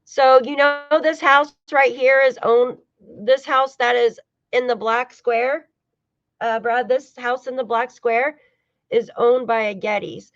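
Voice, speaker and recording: A woman's voice: on the high side, steady tone, slow, dry recording. A woman hosting a casual true-crime livestream, talking loosely to her chat, swearing now and then and laughing often. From United States. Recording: dull lo-fi dry sound.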